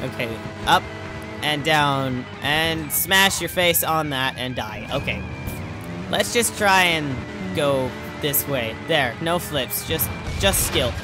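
A man's voice: on the high side, unhurried. A young man giving let's play commentary, joking and talking back to himself as he plays. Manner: goofy, talks to himself in jokey banter. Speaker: gaming YouTuber. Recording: music playing behind the voice.

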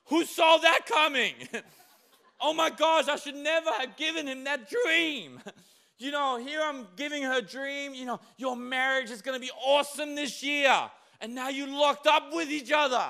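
A man's voice: extremely high pitch, normal speed, creaky, sharp tone, pitched above the performer's own voice, full character voice. A man voicing God as a flustered, astonished male figure who exclaims and laughs. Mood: flustered shock.

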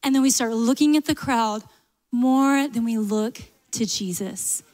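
A woman pastor with a Southern accent, preaching a sermon in an animated way, full of humorous asides. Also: fairly high pitch, measured pace, in a large hall. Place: church sanctuary.

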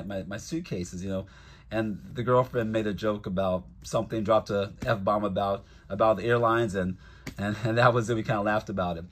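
A man's voice: lowish voice, a little fast, slightly rough. A man vlogging as a toy collector, telling a casual, rambling story with lots of fillers.

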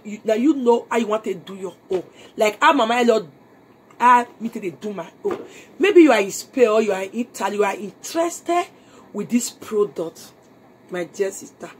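A woman's voice: fairly high pitch, husky. A Nigerian woman in a live phone video from her home, urging viewers to join her business in a mix of Pidgin and English. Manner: urgent persuasive appeals, mixing Pidgin and English. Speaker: network marketing seller. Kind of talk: live video sales pitch.

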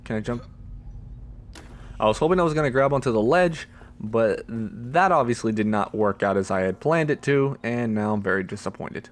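A teenage boy hosting a let's play, chatty and muttering, with excited squeals. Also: medium pitch, moderate pace. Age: teens. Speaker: gaming channel host.

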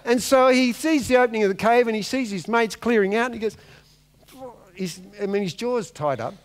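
A man's voice: sits high, a little fast. A man preaching a sermon, telling a Bible story with comic energy and acting out the characters. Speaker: pastor. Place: large church hall. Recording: long hall reverb.

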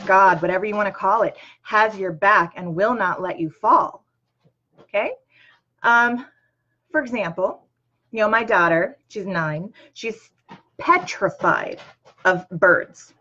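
A woman in her thirties speaks in a rather low voice, giving an earnest, chatty motivational talk. She talks to the listener directly and fills her sentences with ums and you-knows. The recording sounds a little dull and lo-fi. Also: a bit bright. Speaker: host.

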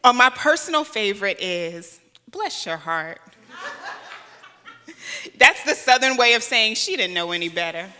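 High, bright-voiced woman preaching a sermon. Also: expressive, measured pace, long pauses, in a large hall, a little hiss or hum. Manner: conversational preaching with rhetorical questions and humor. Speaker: guest pastor. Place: church sanctuary.

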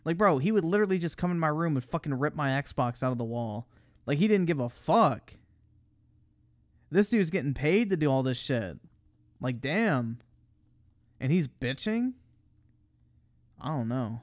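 A man's voice: a little high, lively intonation, normal speed, long pauses, no room sound, clean studio sound. A young man streaming a casual reaction, swearing constantly, laughing, and mocking what he watches. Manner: crude, profane, laughing, mocking.

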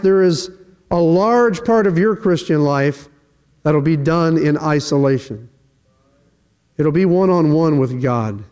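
High-voiced preacher in a reverberant church. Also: male voice, clean tone. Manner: animated, acts out quoted dialogue with shifting pitch. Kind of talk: sermon. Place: church sanctuary. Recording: long hall reverb.

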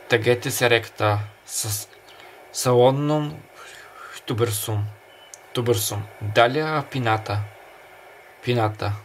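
With a medium-pitched voice, a man stumbles thoughtfully through a pick-a-card tarot reading, often restarting and filling pauses. Summer beach ambience murmurs faintly in the background, along with a little hiss or hum.

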